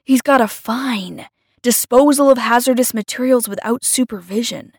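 A shy, earnest teenage vampire boy, read by a woman confides in a hushed, halting way. The voice has a gravelly edge. It sits close and dry, with no room sound. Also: medium pitch, no echo. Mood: upset. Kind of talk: audiobook-style fiction reading.

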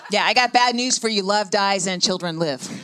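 A woman in her forties doing a stand-up set on a club stage, delivering dry, deadpan punchlines into a handheld mic. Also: mid-range voice, normal speed, a little hiss or hum. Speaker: stand-up comedian.

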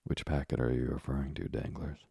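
A man reading the part of a kindly, fatherly middle-aged ship owner in a calm storybook voice. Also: a bass voice, brisk, gravelly, breathy edge, no room sound, clean studio sound, full character voice. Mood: questioning.

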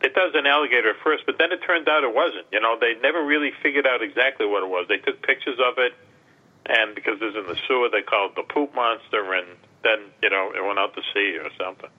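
A man's voice: medium pitch, fast. A man calling in as a radio guest, telling a story in a rambling way with fillers. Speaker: guest, author and UFO expert. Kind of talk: casual radio interview. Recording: tinny phone line on radio.

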